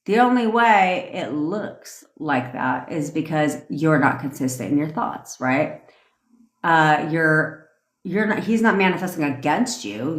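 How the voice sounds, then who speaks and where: A woman with a low voice rants on her livestream, blunt and full of swearing, tossing off quick laughing asides. The sound has an echoey room around it, like a phone recording in a bare space. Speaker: manifestation coach. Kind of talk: casual livestream rant.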